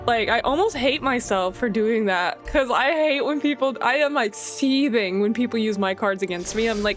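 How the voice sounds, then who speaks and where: A woman streaming a card game, chatting casually, excitable and swearing freely as she thinks aloud. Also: high-pitched, a little slow, soft background music. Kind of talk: casual gameplay chat.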